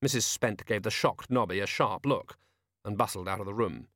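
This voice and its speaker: A man reading a comic novel aloud as narrator, wry and measured. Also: fairly low pitch, a bit bright, no echo, studio quality. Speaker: audiobook narrator. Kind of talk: scripted narration.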